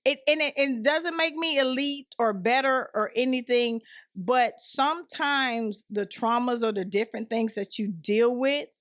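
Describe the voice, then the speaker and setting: Woman guest on a podcast, kinda high voice, dry close sound, tells her story real earnest. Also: unhurried, fairly bright tone, dry recording. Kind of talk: personal testimony in conversation.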